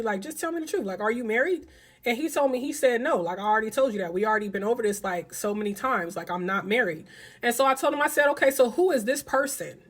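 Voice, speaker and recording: Young woman spilling the tea, kinda high voice, cussing, acting out the back and forth. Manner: blunt, profane, animated retelling with quoted dialogue. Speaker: storytelling vlogger. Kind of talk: casual storytime.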